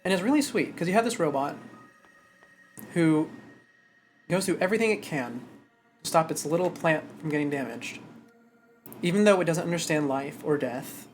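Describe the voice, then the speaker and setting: Animated, chatty man on a stream. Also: fairly high pitch, normal speed, long pauses, faint music behind. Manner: animated and chatty, stumbles over words. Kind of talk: live stream chat and story reading.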